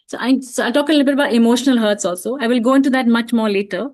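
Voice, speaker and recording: A woman with a fairly high voice speaks gently and reflectively, explaining her ideas at an easy pace. She often says "you know" and restarts her sentences as she thinks aloud. She sounds like she is speaking over a video call. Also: rapid-fire. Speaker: parenting talk speaker. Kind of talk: online parenting talk.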